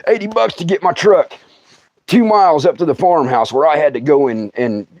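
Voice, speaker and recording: A man's voice: a little high, normal speed, darkish tone, no echo, dull audio. A middle-aged man, who laughs often and acts out scenes while telling comic stories on a livestream. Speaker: storyteller host.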